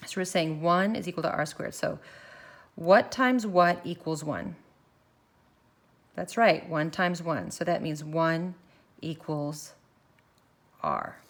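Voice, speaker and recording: A woman teaching a recorded math lesson, walking through each step slowly and thinking aloud as she films her worksheet. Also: low voice, expressive. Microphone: phone camera filming her worksheet.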